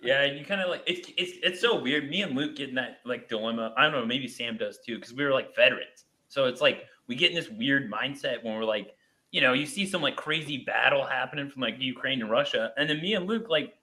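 A man who is a military veteran co-hosting a podcast, talking in animated, mocking banter. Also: fairly quick. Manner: animated, mocking, swinging pitch. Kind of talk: casual profane group chat.

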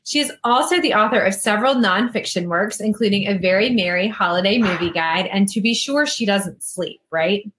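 A woman's voice: medium pitch, moderate pace, few pauses, a bit bright, a little hiss or hum. A woman hosting a casual interview, speaking in an effusive, enthusiastic way. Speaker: host.

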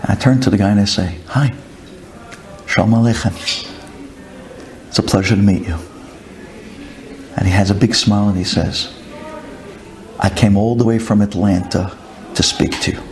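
A man's voice: on the low side, steady tone, moderate pace, long pauses, darkish tone, a little hiss or hum. A man, a rabbi, telling a story to a group, acting out his own thoughts with rhetorical questions and Hebrew and Yiddish words. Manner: sprinkles in Hebrew and Yiddish terms.

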